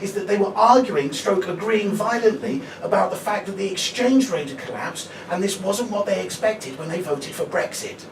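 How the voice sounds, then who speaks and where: A male stand-up comedian from Brighton, England, telling a chatty story and keeping checking in with the crowd with "right?". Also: high voice, normal speed, creaky, hardly any pauses, noisy background. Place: small fringe comedy venue, indoors. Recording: echoey venue, distant, audience laughter. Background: audience laughing.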